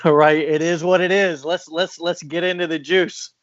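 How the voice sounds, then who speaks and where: A male interviewer cuts in with brief, casual prompts. His voice sits a little higher than average. The sound is dull and dry. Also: little pitch movement, normal speed, dry recording. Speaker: host.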